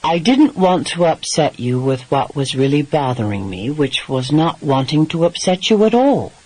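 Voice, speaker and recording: A man doing a stubborn young American wife, husky, defensive, hedging, storybook romance. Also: a little high, very animated, moderate pace, darkish tone, rough recording.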